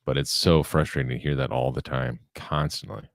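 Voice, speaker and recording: Man, extremely deep voice, monotone deadpan delivery, dry sound, casual podcast chat. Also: fairly quick, creaky, dry recording. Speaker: podcast co-host.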